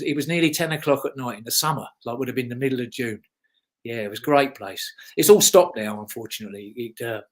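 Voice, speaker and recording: A British man in his fifties, a former motocross racer, giving a casual interview full of rambling anecdotes. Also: mid-range voice. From Britain.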